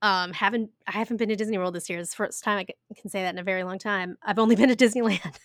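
A woman's voice: mid-range voice, steady tone, fast, dry recording, studio quality. A woman in her thirties chatting casually as a podcast co-host, giggly and full of fillers. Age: 30s. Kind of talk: casual chat.

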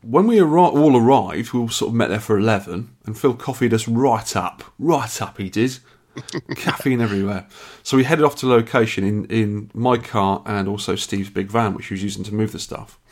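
A man's voice: on the low side, moderate pace. Chatty, tired podcast man. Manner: chatty, rambling storyteller with restarts. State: tired and yawning. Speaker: podcast co-host. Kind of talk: casual chat.

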